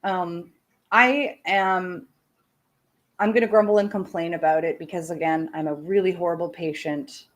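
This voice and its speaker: A woman's voice: fairly low pitch, steady tone, normal speed. A woman from Canada talks casually to her livestream viewers. She is candid and blunt, ranting and speaking her mind. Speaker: streamer.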